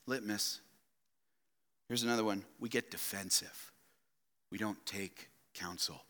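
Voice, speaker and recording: A man preaching a sermon, swinging between loud emphatic outbursts and quiet, low asides, often asking his listeners rhetorical questions. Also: fairly even intonation, unhurried, pauses often, in a large hall. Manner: addresses listeners as "loved ones" and asks rhetorical questions. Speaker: pastor. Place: church sanctuary.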